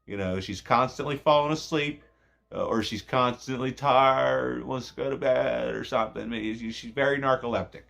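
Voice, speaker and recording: A man's voice: normal speed, gravelly, a bit bright. A man giving a casual, rambling movie review, swearing often and cutting himself off mid-thought. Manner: profane, rambling, self-interrupting; voice jumps high when emotional.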